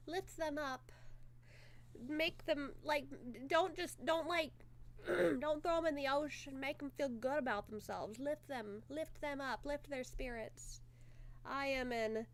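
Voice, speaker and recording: A woman's voice: on the high side, a bit bright. A sick, congested woman chatting casually on a livestream, giggly and joking crudely. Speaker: streamer hosting a movie watchalong.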